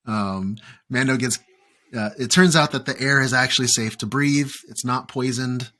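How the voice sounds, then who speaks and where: A man's voice: mid-range voice, normal speed, sharp tone. A man hosting a casual fan podcast, recapping an episode with frequent fillers and playful asides. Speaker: podcast host.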